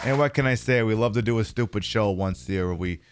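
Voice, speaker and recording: A man's voice: lowish voice, quick pace, music in the background, crowd noise. A man live-streaming a shooter game, chatting and joking while he swears at the enemies. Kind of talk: live-streamed gameplay chat.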